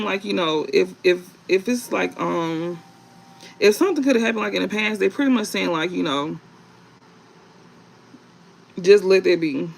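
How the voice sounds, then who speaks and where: A man giving a casual tarot reading to viewers, rambling and halting with many fillers and restarts, and reading card meanings aloud. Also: high-pitched, gravelly, poor audio. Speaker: tarot reader.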